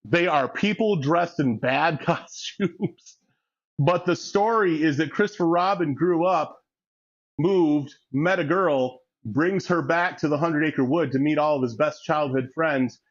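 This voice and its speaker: A man's voice: on the high side, measured pace. A man in his forties chatting casually during a gym workout, crude and joking, laughing often as he tells stories. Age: 40s. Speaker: fitness vlogger. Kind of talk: casual chat between sets. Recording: dull lo-fi recording.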